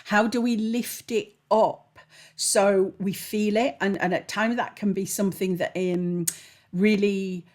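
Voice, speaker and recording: A woman's voice: mid-range voice, fairly even intonation, unhurried, darkish tone. A woman, a spiritual mentor, hosting her own channel in an earnest, heartfelt, candid monologue to camera.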